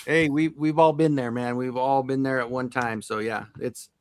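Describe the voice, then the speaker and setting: A man's voice: mid-range voice, steady tone, normal speed, smooth, no room sound. A man hosting a casual livestream, enthusiastic and friendly, often saying dude. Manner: enthusiastic, says dude a lot. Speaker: host.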